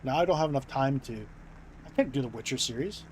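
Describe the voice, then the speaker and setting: Rambling young American streamer. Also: male voice, mid-range voice, expressive, quick pace, slight background noise, low-quality recording. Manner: rambling, filler-heavy, self-interrupting. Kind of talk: casual stream chat.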